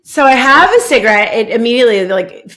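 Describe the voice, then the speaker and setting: A woman podcast host telling a personal story in casual chat, halting and restarting, with "like" in nearly every phrase. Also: fairly high pitch, lively intonation, a bit bright, a little hiss or hum. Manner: halting, heavy use of "like", many restarts.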